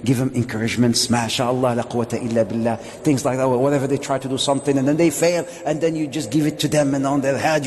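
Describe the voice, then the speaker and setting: A man, a sheikh, giving a lively mosque lecture, joking and putting questions to his audience. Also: medium pitch, fairly quick, hardly any pauses, slight background noise. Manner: jokey, asks the audience questions. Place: Islamic centre hall. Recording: long reverb of a hall.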